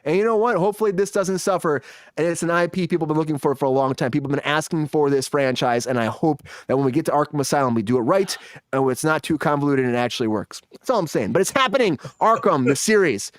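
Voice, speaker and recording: A man's voice: a little high, quick pace, dry recording. A man hosting a live entertainment news show, speculating with enthusiasm in casual chat.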